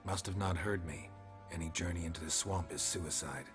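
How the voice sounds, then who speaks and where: An actor playing a weary monster hunter in a video game, speaking in clipped, sarcastic lines. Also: male voice, deep voice, moderate pace, a bit bright, faint music behind. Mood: dry. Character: terse, weary monster hunter, dry-witted man.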